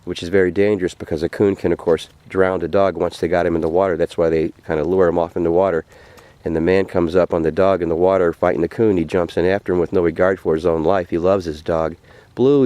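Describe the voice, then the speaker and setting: A man telling a folk tale in an unhurried, folksy way, repeating phrases as he goes. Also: deep voice, mellow, dry recording. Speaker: vlogger telling a story. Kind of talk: folksy spoken storytelling. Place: outdoors by a frozen lake.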